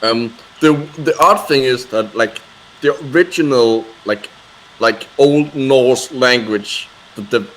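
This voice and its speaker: A man from Denmark, chatting casually on a live stream and talking haltingly, with many fillers and restarts. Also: medium pitch, fairly bright tone, low-quality recording. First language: Danish.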